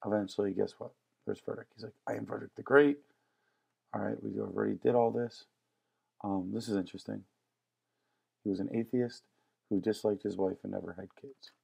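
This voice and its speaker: A man's voice: fairly low pitch, fairly even intonation, fairly quick, gravelly, pauses often, dark tone, husky. A man teaching a history lesson in a casual, joking lecture style. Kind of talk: classroom lecture.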